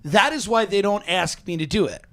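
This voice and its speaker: A man with a notably high voice, sardonic and ranting in casual comedic chat. His sound is close and dry, with no room around it. He talks outdoors by a lake. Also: lively intonation, moderate pace, sharp tone, no room sound. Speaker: podcast host.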